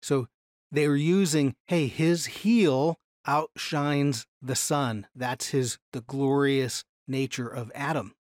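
A man teaching a Bible class from slides in an animated way, slowing down to stress key phrases. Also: medium pitch, dry recording, clean studio sound.

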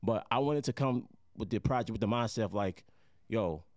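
A man's voice: mid-range voice, brisk, a little mellow, no room sound, studio quality. A man from Jamaica, a guest musician, talking casually and at length on a podcast, with a laid-back, rambling manner. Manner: laid-back, rambling, fond of "you know what I'm saying".

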